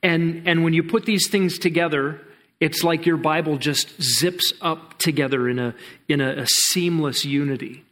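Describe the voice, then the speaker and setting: A man's voice: on the high side, moderate pace, a bit bright. A man teaching a Bible study in an earnest, step-by-step way, asking rhetorical questions as he explains.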